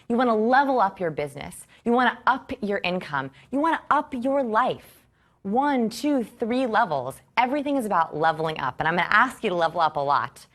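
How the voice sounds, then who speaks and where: An energetic woman in her thirties leads a course in front of a live audience. Her voice sits in a middle pitch, and she talks with expressive enthusiasm, asking rhetorical questions as she goes. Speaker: course instructor.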